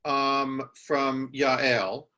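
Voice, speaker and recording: A man moderating an online class, briskly handling the screen and passing on questions. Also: mid-range voice, flat delivery, pushed and bright.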